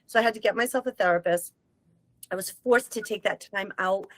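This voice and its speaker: A woman, a medium, telling a personal story in casual conversation, emotional and animated, breaking into short sung lines. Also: mid-range voice, a little fast, no echo, rough recording. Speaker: guest medium.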